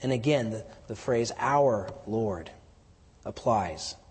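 A man preaching an expository sermon, teaching verse by verse and swelling into emphatic declarations before dropping quiet again. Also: on the low side, animated, slow pace, husky. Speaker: pastor. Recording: long hall reverb.

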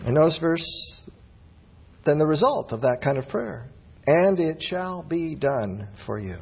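A man's voice: a little high, very animated, measured pace, vocal fry, slightly rough. A man preaching a sermon with emphatic, rising exclamations. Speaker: pastor. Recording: dull lo-fi audio with long hall reverb.

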